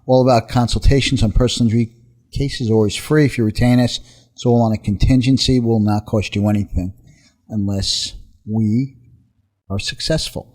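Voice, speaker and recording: New man, radio host, brisk and upbeat, middle pitch. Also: steady tone, darkish tone. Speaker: radio show host, personal injury attorney. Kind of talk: talk radio chat. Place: radio studio.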